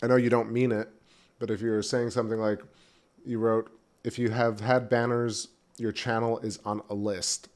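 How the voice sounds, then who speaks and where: The host of this casual livestream talks at a normal speed in a fairly low voice with little pitch movement. He's outside on his home's back porch, eating and chatting in a rambling way.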